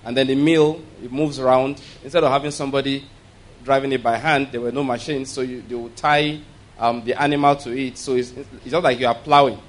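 A man preaching a sermon, pausing to check that listeners follow and slowing down to stress key points. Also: mid-range voice, steady tone. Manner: emphatic teaching, frequent "you understand?" and "all right?" checks; slows and gets louder for emphasis.

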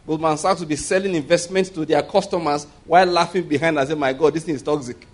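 Male preacher, slightly high voice, conversational sermon with call-and-response. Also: fairly even intonation, fast talker.

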